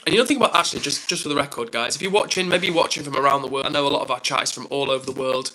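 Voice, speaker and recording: Bright-voiced rambling English streamer man. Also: mid-range voice, very fast, poor audio. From England. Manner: rambling, filler-heavy, upbeat. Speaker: live streamer host. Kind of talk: casual live-stream chat, reading viewer comments.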